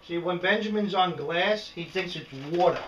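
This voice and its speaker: A man's voice: sits high, moderate pace, recorded from a distance, dull audio, slight background noise. A middle-aged man with a New York accent, ranting casually and rambling in a vlog, often tossing in "right?". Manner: animated, rambling, frequent "right?" asides. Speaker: prepping vlogger. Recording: echoey room, speaker away from the mic.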